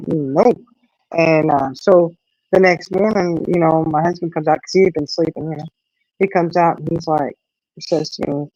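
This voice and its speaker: A woman's voice: fairly low pitch, no room sound, lo-fi sound. A middle-aged woman hosting a casual live stream, telling a story animatedly and acting out the voices of the people in it. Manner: animated storyteller, acts out quoted voices, frequent "you know".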